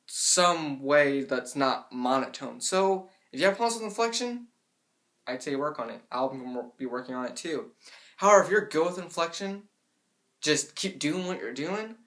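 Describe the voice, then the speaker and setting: A young man talks casually to the camera, explaining a speaking tip. His delivery leans toward a monotone, and he relaxes into fillers like "I mean" and "like" as he goes. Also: a little high, normal speed. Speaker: vlogger giving tips. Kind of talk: casual educational vlog.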